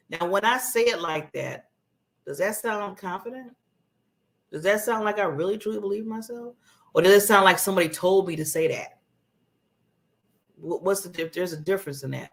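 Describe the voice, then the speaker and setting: A woman hosting her own talk show, giving a motivational talk in a conversational, animated way and acting out contrasting voices. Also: medium pitch, moderate pace. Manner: conversational, laughs at herself.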